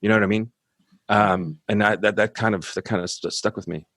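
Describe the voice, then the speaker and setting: A man in his forties talking candidly in an interview, halting and subdued, with many restarts as he searches for words. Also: fairly low pitch, fairly even intonation, fairly bright tone, dry recording. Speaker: musician guest.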